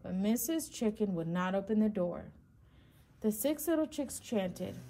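A woman, a preschool teacher, reading a children's storybook aloud in a slow, expressive way. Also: mid-range voice, slight background noise.

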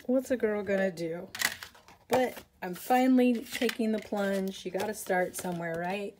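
Mellow-voiced chatty woman crafter. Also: medium pitch, unhurried, a little hiss or hum. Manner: chatty, rambling with self-deprecating asides. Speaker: papercraft tutorial host. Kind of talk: casual craft tutorial.

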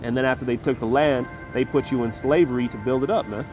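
A man teaching scripture, reading verses slowly and with emphasis, then explaining them in loose everyday talk with a faint music bed behind. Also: mid-range voice. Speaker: Bible teacher. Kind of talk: scripture reading with casual commentary.

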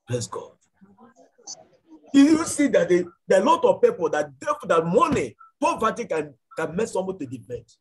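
A man's voice: high-pitched, big pitch swings, moderate pace, rough recording. A man preaching a church sermon and leading fervent prayer, repeating his lines again and again. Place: church service.

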